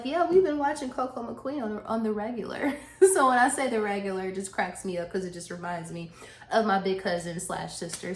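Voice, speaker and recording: Chatty woman vlogging, echoey room. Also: medium pitch. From Southern US. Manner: chatty and laughing, with many restarts and asides. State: a little out of breath. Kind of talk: casual chat to camera. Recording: echoey room with faint noise.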